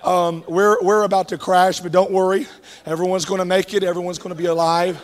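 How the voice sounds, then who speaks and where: A male pastor voicing a calm airline pilot making a breezy, stumbling announcement. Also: high voice, brisk, lightly acted. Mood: breezy reassuring. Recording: echoey hall reverb.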